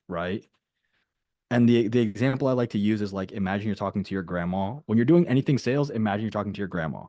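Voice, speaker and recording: Male sales coach on a group call; deep, warm, dry, conversational and insistent. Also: dry recording. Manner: casual, emphatic, repeats key phrases.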